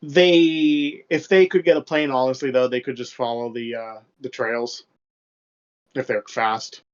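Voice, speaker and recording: On a dull lo-fi mic, a podcast co-host talks in a mid-range, steady voice, a little on the slow side. The young man's chat is casual and rambling, loose, profane and packed with fillers.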